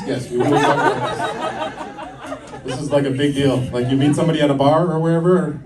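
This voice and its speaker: A middle-aged man from the United States doing stand-up, telling self-mocking stories and acting out quick voices. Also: mid-range voice, fairly even intonation, over a noisy crowd, heavy background noise. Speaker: stand-up comedian. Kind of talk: live stand-up comedy. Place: stage at a campus comedy show. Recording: distant live stage recording with audience laughter. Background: audience laughing.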